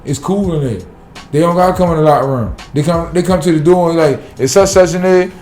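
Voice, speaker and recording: A man's voice: a little high, fast talker, a little mellow, echoey room, soft background music. A man, a city sanitation worker talking bluntly and profanely in a casual podcast interview.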